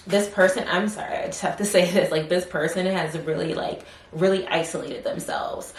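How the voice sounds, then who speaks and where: A woman with a low, steady, fairly flat voice gives a casual tarot reading, rambling with lots of fillers and murmuring questions to spirit under her breath. She sounds like she is in a roomy space with a bit of echo and a faint hiss behind her. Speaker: tarot reader.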